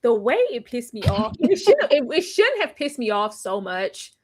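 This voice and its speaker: A woman co-hosting a casual movie review chat, emphatic and animated, acting out lines of dialogue as she talks. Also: fairly high pitch, moderate pace. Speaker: podcast co-host.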